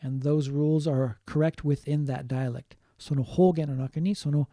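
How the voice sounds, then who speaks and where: Male lecturer, mellow tone, patient and repetitive delivery, dry close sound. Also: on the high side, steady tone, dry recording. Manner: explains slowly, repeating points and adding Japanese glosses. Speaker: linguistics teacher. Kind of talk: online lecture.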